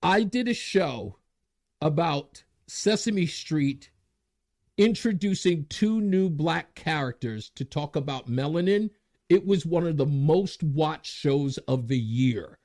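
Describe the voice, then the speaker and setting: High-voiced guy hosting his show, swoops all over, gets worked up. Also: animated, takes it slowly, a little mellow. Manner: worked-up, laughing at himself, big pitch swings. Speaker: radio show host. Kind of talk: animated commentary monologue.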